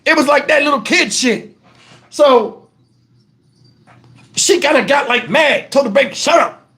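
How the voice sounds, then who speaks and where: With a very high voice and a slightly slow delivery, a middle-aged Texan storyteller hosts his own channel. Addressing the camera casually, he's lively and profane, drifting through a story with plenty of tangents.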